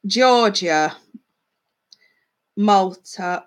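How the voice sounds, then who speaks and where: A woman in her thirties, a psychic reader hosting a casual livestream, chatting warmly with viewers, reading out their comments and calling them darling. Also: medium pitch, very animated, slow, pauses often. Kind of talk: casual live-stream chat with viewers.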